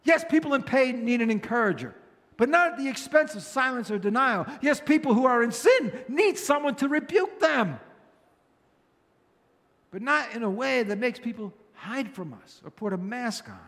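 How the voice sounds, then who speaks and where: High-voiced male pastor preaching. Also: expressive, moderate pace, fairly bright tone, long reverb tail. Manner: earnest, conversational preaching with repeated phrases. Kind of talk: sermon.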